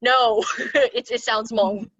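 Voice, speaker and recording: A woman's voice: fairly high pitch, fairly even intonation, slow pace, fairly bright tone, dry recording. Chatty woman presenting over video call. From California. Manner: chatty, laughs often, upbeat. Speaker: workshop presenter. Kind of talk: casual online workshop teaching. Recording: dull lo-fi video call audio.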